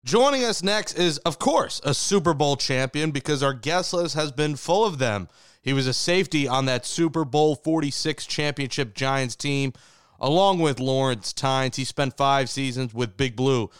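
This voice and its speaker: Smooth-voiced male sports podcast host. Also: mid-range voice, normal speed, no echo, studio quality. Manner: wry, joking.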